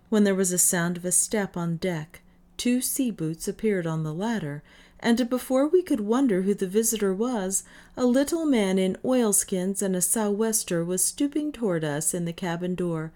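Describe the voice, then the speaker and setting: Lady reading an old adventure novel, lower voice, calm steady pace. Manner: measured storytelling, first-person. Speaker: audiobook reader. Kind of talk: scripted narration.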